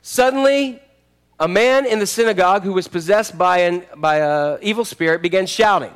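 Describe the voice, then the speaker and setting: High-voiced animated preacher man. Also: normal speed, clean tone. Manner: animated, acts out voices from the story. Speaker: pastor. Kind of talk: sermon.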